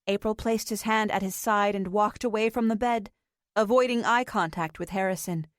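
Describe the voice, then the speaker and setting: A woman narrating a post-apocalyptic audiobook in a slow, even storytelling voice. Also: mid-range voice, no echo, clean studio sound. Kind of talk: scripted narration.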